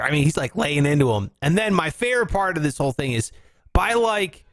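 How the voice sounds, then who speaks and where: A man's voice: a little high, a little fast, no room sound. Guy hosting a radio show, chatty and swearing, voice swoops up and down a lot. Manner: animated, profane, laughing. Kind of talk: casual chat.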